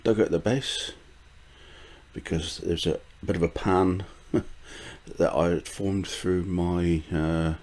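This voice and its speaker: A man's voice: deep voice, steady tone, slow pace, darkish tone. An older man from the UK rambling casually through a gardening vlog, with frequent fillers, restarts and small chuckles. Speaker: gardening vlogger.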